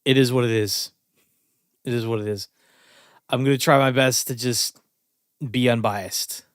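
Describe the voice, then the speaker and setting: A man streaming, reacting to music in casual chat, often breaking into laughter and thinking out loud. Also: medium pitch, steady tone, measured pace, smooth, no echo, clean studio sound.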